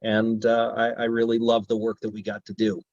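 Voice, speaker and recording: A man's voice: on the low side, completely flat delivery, fairly quick, darkish tone, no room sound, dull audio. A man speaking as a voice actor guest in a casual interview, telling stories with enthusiasm. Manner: enthusiastic, storytelling, drops into character voices.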